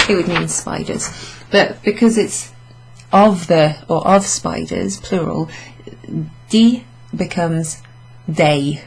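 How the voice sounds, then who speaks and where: Woman teaching Italian, fairly low voice. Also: gravelly, background noise. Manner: chatty, laughs often, slow careful Italian examples. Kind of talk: casual classroom explanation.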